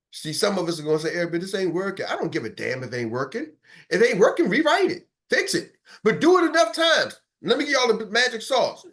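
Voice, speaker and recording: Man, high-pitched, fired-up sales coach, acts out calls, punchy delivery. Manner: animated, acts out cold calls in character voices. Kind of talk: motivational sales talk.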